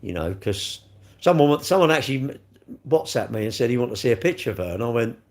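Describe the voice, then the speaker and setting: Bloke on a livestream, jokey and rambling, answering chat, mid-pitched voice. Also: male voice, big pitch swings, fast talker. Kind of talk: casual live-stream chat.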